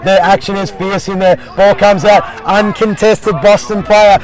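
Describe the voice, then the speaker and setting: A man calling an Aussie Rules match as play-by-play commentator, jokey and excitable, working outdoors at the ground. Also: high voice, unhurried, low-quality recording. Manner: jokey, excitable, repeats "I'll tell you what". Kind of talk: sports commentary. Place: outdoor sports field. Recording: crowd noise behind outdoor commentary.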